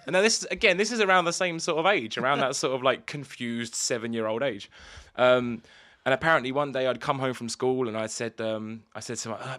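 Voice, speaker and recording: Young man, podcast co-host, casual chat, bright tone, rambling with ums. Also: medium pitch, fairly quick, hardly any pauses. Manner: rambling storyteller, many ums and restarts.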